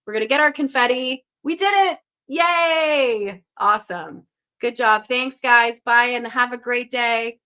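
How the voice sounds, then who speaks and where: A young woman hosts a live stream in a chatty, upbeat way, calling out viewers' guesses as they come in. Her voice sits a little high and sounds sharp and bright. She is from Western Canada. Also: fairly even intonation, moderate pace, clear, resonant tone. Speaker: live-stream puzzle host. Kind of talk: casual live-stream chat.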